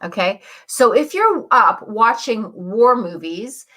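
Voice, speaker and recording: A woman hosting a live morning show, chatty and upbeat, greeting viewers and often asking "right?". She has a husky morning voice and keeps clearing her throat. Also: fairly high pitch, expressive, slow pace, bright, forceful tone. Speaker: host, coach.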